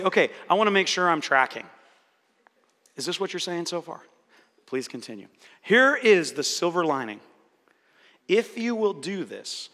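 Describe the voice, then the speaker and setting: Animated high-voiced man preaching in a hall. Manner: animated, acts out quoted inner voices. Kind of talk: sermon-style teaching. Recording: reverberant hall.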